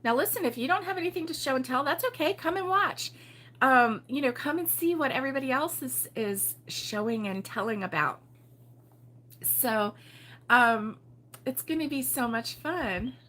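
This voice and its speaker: A woman's voice: high-pitched, expressive, moderate pace, sharp tone. An older woman from Baltimore hosting a casual crochet livestream, chatty and giggly, rambling with lots of ums. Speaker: crochet show host.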